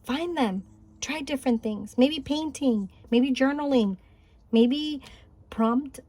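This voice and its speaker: A woman giving a spiritual pick-a-card reading, gentle and encouraging, thinking aloud with small restarts. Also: high voice, takes it slowly. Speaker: tarot card reader. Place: home, Highland Park, California.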